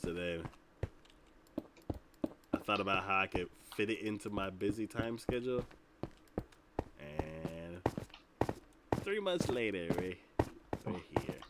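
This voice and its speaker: A man's voice: lowish voice, moderate pace, pauses often, heavy background noise. A man hosting a gaming podcast, chatting casually while he plays and telling stories with lots of laughter. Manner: animated storytelling with frequent laughter. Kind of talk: casual chat while playing.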